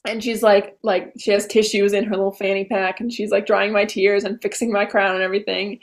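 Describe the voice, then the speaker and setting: A young woman in her late teens, a podcast guest, retelling events in a bubbly, animated way with lots of "I was like.". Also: mid-range voice, fairly quick. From Vermont. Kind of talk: casual interview storytelling.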